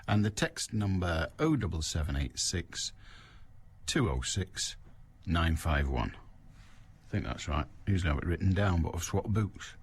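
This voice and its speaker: A man's voice: on the low side, husky. A man hosting a radio call-in show, chatting casually with wry, rambling asides and reading material aloud.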